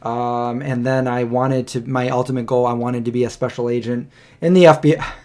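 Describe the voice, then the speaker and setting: A man's voice: mid-range voice, level tone, moderate pace, darkish tone, a little hiss or hum. A man in his thirties co-hosting a casual livestream podcast, rambling through a personal story and acting out what people said. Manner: rambling storyteller, acts out quotes. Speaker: podcast co-host.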